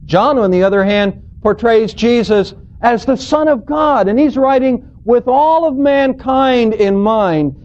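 A man's voice: very high voice, unhurried, hardly any pauses, a little mellow. A man preaching a sermon as a pastor, teaching through scripture in an earnest, storytelling, emphatic way. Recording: dull lo-fi recording.

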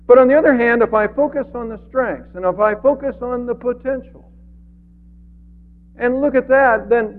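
A man preaching an earnest sermon as pastor, swinging from loud emphasis to quiet. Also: high-pitched. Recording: phone-like radio broadcast with long reverb.

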